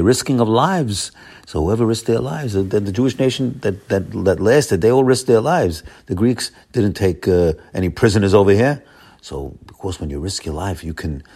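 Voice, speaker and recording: Husky, emphatic rabbi giving a Torah class. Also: male voice. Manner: emphatic, swings from loud exclamations to low murmurs, repeats words.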